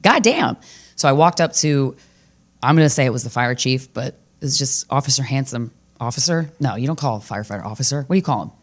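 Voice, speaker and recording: A woman with a deep voice hosts her own comedy podcast, telling a story in a casual way. She talks brash and profane, and her delivery is animated, with sudden leaps up in pitch. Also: fast.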